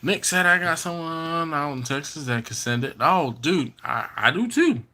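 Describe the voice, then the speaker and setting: Bright-voiced chatty man reading live comments. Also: on the high side, animated, normal speed. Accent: Maryland. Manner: chatty, reads out viewer comments and teases them. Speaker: BBQ channel host. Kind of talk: live stream chat reading. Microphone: computer or phone setup.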